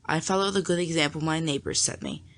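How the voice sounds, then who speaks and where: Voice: medium pitch, fast, fairly bright tone, no echo, lightly acted. An audiobook reader voicing a light, joking young man in a storybook. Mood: teasing. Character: teasing helpful young man neighbor.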